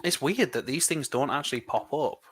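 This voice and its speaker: English man, casual stream co-host, sharp bright tone, talkative. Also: medium pitch, slight background noise. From England. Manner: chatty, rambling, quick laughs. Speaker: livestream co-host building LEGO. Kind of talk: casual chat.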